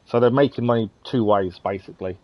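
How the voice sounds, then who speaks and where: A man's voice: lowish voice, fast talker, lo-fi sound. A male streamer giving casual let's-play commentary, thinking aloud and hesitating with frequent ums.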